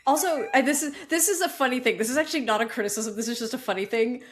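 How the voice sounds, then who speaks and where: A woman's voice: on the high side, fast, slight background noise. An American woman co-hosting a podcast, talking thoughtfully about a book in casual chat, full of fillers and light laughs. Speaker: podcast co-host.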